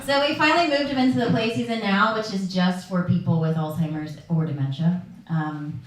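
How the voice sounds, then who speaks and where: A woman's voice: lowish voice, brisk. A woman telling a personal story live on stage, candid and darkly funny. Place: live performance venue. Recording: very echoey room from far off.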